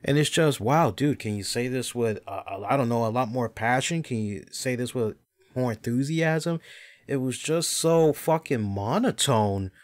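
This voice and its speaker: A man's voice: medium pitch, a little slow. A man hosting a wrestling podcast, ranting casually and profanely, with mocking impressions of the people he talks about. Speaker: podcast host.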